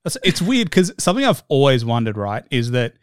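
A man's voice: mid-range voice, very animated, fairly quick, clear, resonant tone, no echo. An Australian man hosting a podcast interview, upbeat and chatty, rambling with lots of fillers. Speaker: podcast host. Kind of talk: casual interview chat.

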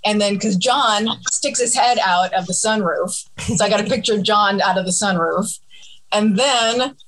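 A woman telling a long story in casual conversation, halting and animated, acting out other people's voices. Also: medium pitch, slight background noise, low-quality recording. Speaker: guest.

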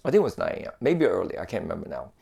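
A man's voice: sits low, huge pitch swings, very fast, gravelly, warm tone. A man telling a long story in casual chat, rambling with many fillers and restarts.

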